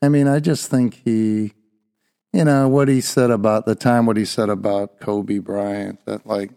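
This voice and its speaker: Man, dark mellow tone, casual podcast chat, rambling. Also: on the low side, fairly even intonation, measured pace, gravelly, smooth. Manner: chatty, rambling storyteller. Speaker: podcast host.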